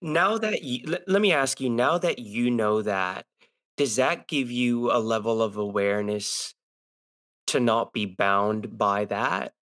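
A man's voice: medium pitch, measured pace, fairly bright tone. Man asking loose, rambling questions. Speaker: podcast host. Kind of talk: casual interview questions.

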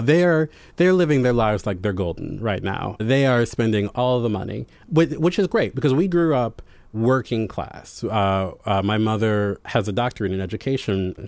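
A young man telling a personal story in conversation, animated and self-deprecating, breaking into voices of other people. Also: lowish voice, no room sound. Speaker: guest.

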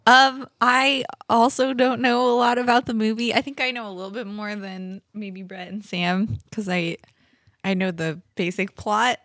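A woman's voice: medium pitch, fairly even intonation, moderate pace, a bit bright, dry recording, clean studio sound. A young woman co-hosting a podcast in casual chat, teasing and laughing often. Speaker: podcast co-host.

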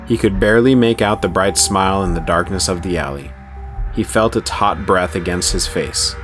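A man narrating a dark horror story in a steady, even storytelling voice. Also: deep voice. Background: faint music.

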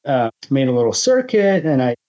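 A man's voice: medium pitch, very animated, a little fast, mellow, lo-fi sound. A man in his fifties, a guest in casual conversation, talking thoughtfully with many restarts.

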